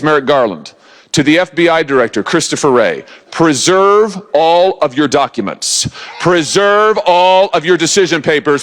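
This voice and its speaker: A man's voice: high-pitched, a bit bright, slight background noise. A man in his forties, a senator giving a political rally speech to a live audience, emphatic and rousing, with lots of repetition.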